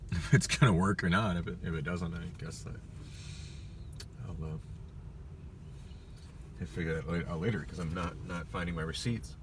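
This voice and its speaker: A man's voice: low voice, moderate pace, long pauses, distant mic, background noise. A man vlogging casually from a parked car, rambling with many fillers and restarts. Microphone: phone.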